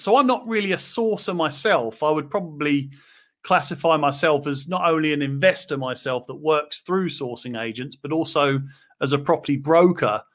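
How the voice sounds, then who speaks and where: A man hosting a live property chat, talking casually with many fillers. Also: fairly high pitch. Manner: chatty, relaxed, many fillers. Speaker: property investor and host.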